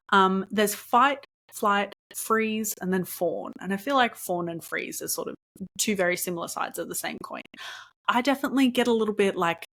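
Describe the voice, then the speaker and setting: A young woman hosts her own podcast and tells a personal story in loose, conversational monologue. She talks in an animated, chatty way with a voice of middling pitch. She laughs often and fills her pauses with ums. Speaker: podcast host.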